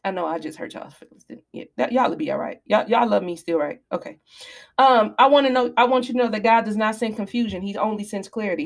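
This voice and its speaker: Talking fast in a gravelly, mid-range voice, a woman hosting a podcast dishes out casual advice. Her manner is animated and preachy, and she apologizes in a mocking way.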